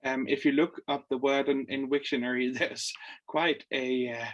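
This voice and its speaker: A man with a mid-range voice speaks up as a student on a video call. He chats casually, pausing on small hesitations as he adds his points. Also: medium pitch, fairly even intonation, highs cut off. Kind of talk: online class discussion.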